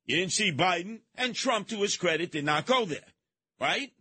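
A man hosting a talk radio show, delivering a brash, mocking monologue with frequent shouting and a New York accent. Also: high voice, lively intonation, moderate pace, slightly rough, no echo.

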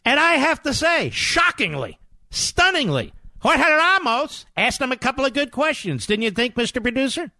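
A man's voice: very high voice, sing-song, normal speed, bright, forceful tone, dry recording. A middle-aged man hosting a political talk radio show, combative and sarcastic, hammering his points with emphatic repetition.

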